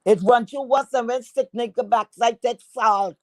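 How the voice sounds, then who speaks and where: A woman's voice: fairly high pitch, moderate pace, dry recording. A woman from Trinidad, ranting profanely and emphatically as a guest on a casual live chat. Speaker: livestream guest.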